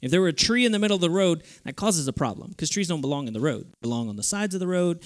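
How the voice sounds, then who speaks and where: A young man preaching a sermon to a youth group, lively and playful in his delivery. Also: a little high, rapid-fire. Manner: lively, playful, switches into goofy voices for stories. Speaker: youth speaker.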